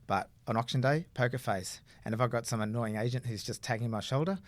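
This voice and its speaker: A man's voice: medium pitch, fast talker. A man, a buyer's agent explaining his work in casual podcast chat, rambling with frequent fillers.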